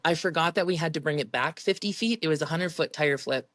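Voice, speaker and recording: This young woman, a professional strongwoman guest, talks briskly with hardly any pauses, her low voice carrying chatty, laugh-filled tales of competing. The casual interview has no room sound, and her storytelling stays lively and giggly throughout.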